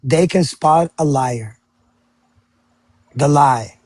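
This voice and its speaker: Guy hosting an online panel, kinda high voice, dark mellow sound, dry close mic. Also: very slow, slightly rough, no echo. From Florida. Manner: warm, affirming, gives astrology readings. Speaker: panel host. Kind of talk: live audio panel talk.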